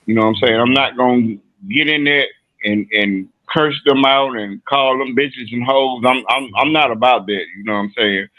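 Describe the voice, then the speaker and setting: A man's voice: mid-range voice, moderate pace, no room sound. A man on a live-stream debate panel, rambling casually with many repeated fillers. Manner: rambling, repeats "you know what I'm saying". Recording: tinny phone-line sound.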